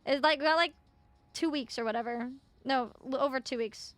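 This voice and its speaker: A young woman streaming a game, chatting casually and excitedly with her viewers, laughing and swearing freely. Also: sits high, fairly quick, no echo. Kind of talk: casual live-stream chat.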